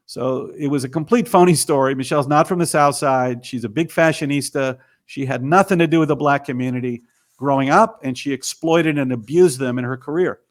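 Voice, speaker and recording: A man's voice: on the high side, a little fast. A man, a filmmaker and author, telling his story emphatically as an interview guest.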